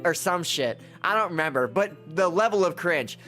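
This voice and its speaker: A man's voice: high-pitched, expressive, moderate pace, pushed and bright, faint music behind. A male streamer doing live gameplay commentary in exasperated, profane, mocking rants, rambling through stories with restarts.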